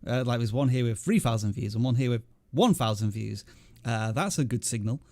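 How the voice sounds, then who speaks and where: A man's voice: medium pitch, fairly quick, a little mellow, dry recording. A man hosting a livestream panel, chatting casually and joking at his own expense. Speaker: livestream host. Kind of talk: casual panel chat reviewing channels.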